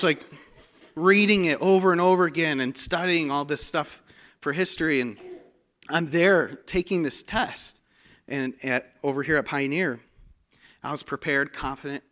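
A man preaching a sermon, telling stories with humor and animated delivery. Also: on the high side, moderate pace.

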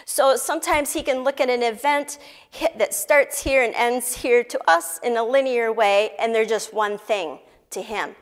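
A woman giving a Bible teaching to an audience, slow and deliberate, explaining words one by one. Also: fairly high pitch. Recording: long hall reverb.

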